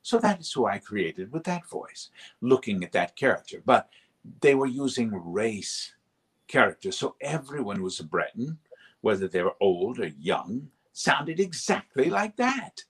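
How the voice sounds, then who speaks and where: A male voice actor, a guest in a casual interview, talks very animatedly and a little slowly, slipping into character voices as he goes. His voice is husky and medium-pitched.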